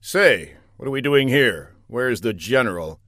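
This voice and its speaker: A man's voice: mid-range voice, lively intonation, measured pace, sharp tone, dry recording, clean studio sound. A man voicing a boastful, dim-witted male spy courier who quips smugly and triumphantly.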